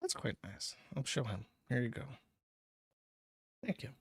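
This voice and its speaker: Male livestream host, mid-pitched, rambling and profane, close dry mic. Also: huge pitch swings, a little slow, slightly rough, no echo. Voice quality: rambling, profane, laughs often. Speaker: livestream host reading paid chat messages. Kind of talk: casual livestream chat.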